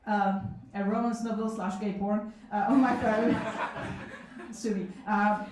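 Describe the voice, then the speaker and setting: A woman's voice: mid-range voice, steady tone, takes it slowly, background noise. Frank, self-mocking woman in her thirties. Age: 30s. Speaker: solo show performer telling stories. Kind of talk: comic storytelling at a live event. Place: small cafe event room. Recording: echoey room from a distance.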